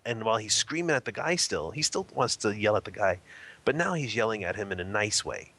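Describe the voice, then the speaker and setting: A man telling an anecdote in a casual, animated way, laughing often and acting out what people said. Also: mid-range voice, brisk, no room sound. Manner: animated, laughing often, acts out quoted lines. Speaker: interview guest. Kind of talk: casual storytelling.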